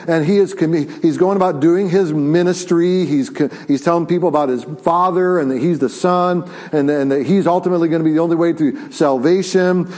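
A male pastor preaching a sermon, retelling a story with many restarts and fillers. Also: a little mellow. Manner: acts out quotes with rising pitch and volume.

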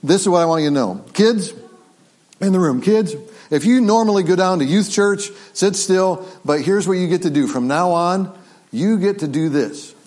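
A man preaching a family Sunday sermon as pastor, lively and interactive, coaching the congregation through call-and-response and a game. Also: high-pitched, moderate pace. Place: church sanctuary.

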